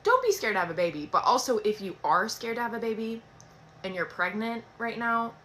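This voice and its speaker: A woman tells a storytime vlog straight to her viewers. She is candid and direct, with a sharp, bright tone. Faint background noise sits under her voice. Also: on the high side, big pitch swings, brisk.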